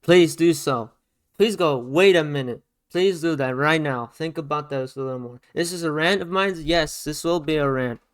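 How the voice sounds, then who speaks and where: Talking over a playing song, this YouTuber reacts to its production in a casual, excited rant, pointing out sounds and often repeating himself. He speaks at normal speed with a slightly high voice.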